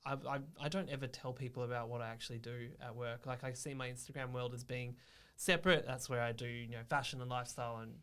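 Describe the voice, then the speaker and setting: A man's voice: medium pitch, steady tone, fast, bright, forceful tone, clear, resonant tone. A man who works in digital media, a podcast guest musing in a thoughtful, reflective way. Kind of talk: casual interview chat.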